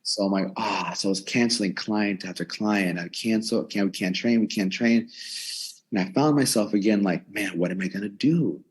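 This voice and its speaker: A man's voice: on the low side, normal speed, husky. A man in his twenties, a personal trainer, candidly telling his story in a casual podcast interview, recorded in his gym. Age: 20s. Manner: candid, energetic, lively retelling with inner dialogue. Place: his own gym in a converted storage unit.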